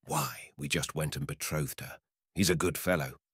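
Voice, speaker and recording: Brief: male narrator playing a smug, penny-pinching older man in a storybook; brisk, dismissive, very low voice. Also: a bit bright, breathy edge, dry recording, studio quality, full character voice. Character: older man, smug miserly customer, blunt.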